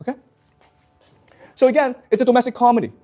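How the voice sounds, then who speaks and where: A man's voice: extremely high pitch, steady tone, quick pace, mellow, soft background music. A man teaching a class in an emphatic way, often stopping to check that his students follow. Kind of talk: classroom lecture.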